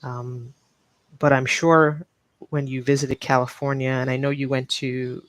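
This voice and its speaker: A woman's voice: extremely low pitch, little pitch movement, unhurried, no room sound. A woman English teacher from New York with a neutral accent, speaking patiently in a live-stream lesson and repeating key points. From New York, United States.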